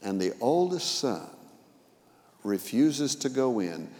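A man preaching a sermon, retelling a parable with vivid acted-out quotes that swing between loud and soft. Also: mid-range voice, sing-song, slow, long reverb tail. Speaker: pastor. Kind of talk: sermon storytelling.

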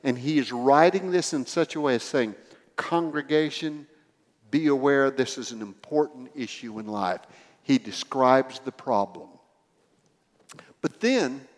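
A man's voice: fairly high pitch, big-room sound. A man preaching a sermon, telling a story with acted dialogue and building to emphatic swells.

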